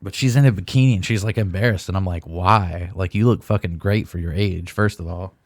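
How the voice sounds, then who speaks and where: A man's voice: deep voice, fairly quick, no echo. A young man co-hosting a comedy podcast, telling rambling stories full of swearing. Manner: profane, rambling storyteller. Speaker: podcast co-host. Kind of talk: casual comedy chat.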